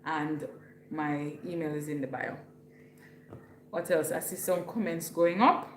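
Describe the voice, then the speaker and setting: A woman's voice: low-pitched, steady tone, a little slow, roomy sound, slight background noise. A woman from Jamaica with a Jamaican accent, hosting a casual livestream at home and chatting with viewers while reading their comments aloud. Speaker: livestream host.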